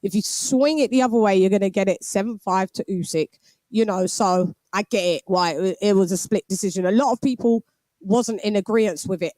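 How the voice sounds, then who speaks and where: A woman's voice: medium pitch, brisk, mellow, no room sound. A British woman in her forties hosting a boxing live stream, chatting casually and laughing while reading out viewer messages. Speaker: boxing show host.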